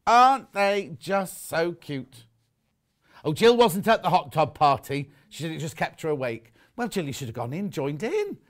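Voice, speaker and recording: Chatty TV shopping host. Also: male voice, a little high, big pitch swings, a little fast, few pauses. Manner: chatty, rambling, teasing. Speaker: shopping channel presenter. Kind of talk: live TV sales chat.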